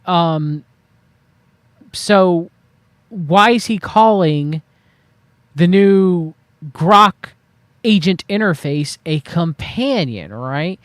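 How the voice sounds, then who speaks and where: A man's voice: high-pitched, lively intonation, slow, no room sound, studio quality. A man hosting a livestream, talking to his chat in a rambling, wry way and drawing out words for emphasis. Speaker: livestream host. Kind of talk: casual commentary to chat.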